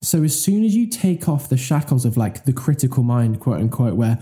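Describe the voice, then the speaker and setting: Very dark-voiced male podcast co-host. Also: medium pitch, sing-song, a little fast, hardly any pauses. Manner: enthusiastic, rambling, self-correcting. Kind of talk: casual chat.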